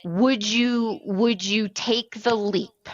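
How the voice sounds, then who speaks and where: A woman's voice: mid-range voice, fairly even intonation, extremely slow, dry recording. Conversational woman host, slightly muffled sound. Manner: conversational, affirming, asks questions. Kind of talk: casual interview chat.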